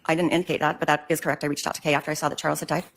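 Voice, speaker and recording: A woman's voice: low voice, little pitch movement, racing, gravelly, a little hiss or hum. An older woman giving court testimony, answering hesitantly with many ums. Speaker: witness in court.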